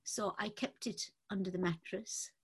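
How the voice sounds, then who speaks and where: A woman telling a personal story in a halting, unhurried way, pausing often. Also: medium pitch, fairly even intonation, slightly rough. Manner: halting, unhurried recounting with frequent pauses and fillers. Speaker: speaker giving a personal testimony.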